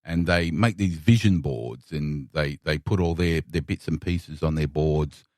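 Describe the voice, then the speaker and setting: A man's voice: very deep voice, a little slow, no room sound, studio quality. An Australian man co-hosting a podcast in casual chat, cursing and repeating words as he talks. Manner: animated, swearing, repeats words often. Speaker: podcast co-host. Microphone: podcast microphone.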